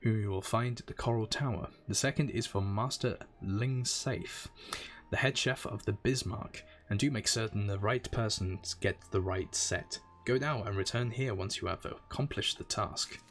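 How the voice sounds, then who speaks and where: A man's voice: on the low side, normal speed, fairly bright tone. A man voicing a sly, courteous male elf spice merchant, reading game dialogue aloud.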